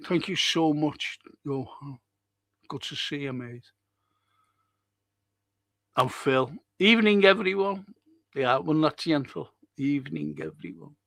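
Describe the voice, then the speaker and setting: A man's voice: fairly high pitch, takes it slowly, long pauses, a bit bright, no echo. An older man who hosts a casual livestream, chatting and greeting viewers as he reacts to their comments. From Liverpool, England. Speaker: livestream host and historian.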